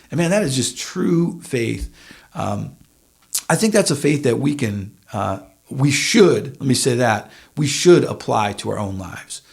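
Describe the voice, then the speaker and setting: Church podcast teacher, male, mid-pitched, relaxed conversational scripture teaching with emphatic lifts. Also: unhurried, creaky, breathy edge. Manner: conversational, with frequent "uh" and emphatic rises. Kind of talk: casual Bible teaching.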